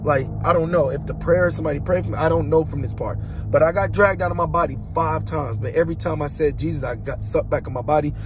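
A man's voice: fairly high pitch, quick pace, noisy background. A young man giving an emotional personal testimony in a colloquial, dramatic way, with spoken sound effects. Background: instrumental music.

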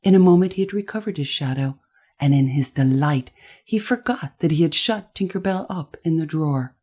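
A woman narrates a children's classic in a low, mellow voice with a breathy edge. Her telling is gentle and expressive. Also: normal speed. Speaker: audiobook narrator. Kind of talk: scripted narration.

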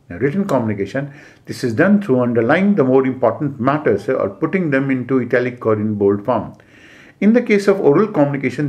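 A man with an Indian English accent lecturing as an exam coach, giving numbered points with frequent "uh" pauses and repeated key phrases. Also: mid-range voice, a little mellow. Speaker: civil service exam coach. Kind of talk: classroom lecture.

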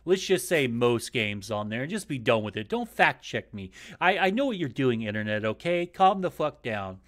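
Guy hosting a gaming news stream, rambly, lots of uhs, swears a bunch, mid pitched voice. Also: very animated, moderate pace. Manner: rambling, stumbling, profane, lots of uh fillers. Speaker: podcast host. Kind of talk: casual gaming news chat. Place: home setup, live stream.

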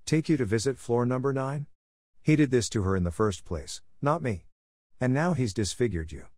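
A man's voice: medium pitch, lively intonation, moderate pace, darkish tone, no echo, clean studio sound, pitched above the performer's own voice, lightly acted. A man voicing a bitter, grieving old woman who accuses and sobs in a storybook horror tale. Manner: accusing, tearful.

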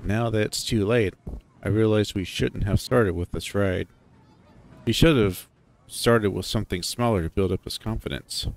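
Low-voiced man narrating a story. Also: normal speed, vocal fry. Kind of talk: first-person story narration.

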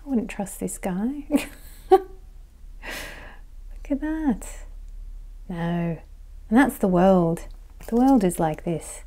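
A woman giving a casual pick-a-card tarot reading, chatty and rambling, laughing often and dropping into soft asides. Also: mid-range voice. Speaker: tarot reader and life coach.

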